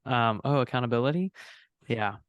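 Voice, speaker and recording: A young adult man talks on a casual podcast, circling through an anecdote and stopping to correct his own details. His voice is smooth and clear at a middling pitch. It is recorded close and dry, with no room sound. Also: normal speed, no room sound, phone-quality sound. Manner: rambling storyteller, frequent self-corrections. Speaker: podcast co-host and student minister.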